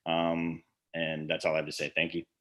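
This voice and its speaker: A man testifying to a committee over a video call, hurried and hesitant with many fillers. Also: rumbling low, completely flat delivery, a bit bright. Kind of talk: public testimony.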